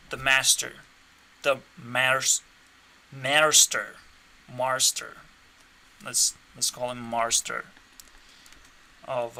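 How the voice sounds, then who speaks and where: Bright-voiced man ranting, slow and erratic. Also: medium pitch, slight background noise. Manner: profane, erratic, swinging between shouting and muttering; trolling, laughing at his own provocations. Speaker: channel host. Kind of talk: unscripted rant to camera.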